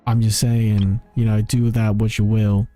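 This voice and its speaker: A man's voice: on the low side, level tone, moderate pace, warm tone, soft background music. A man streaming a video game, rambling in casual commentary, often cutting himself off and laughing at himself.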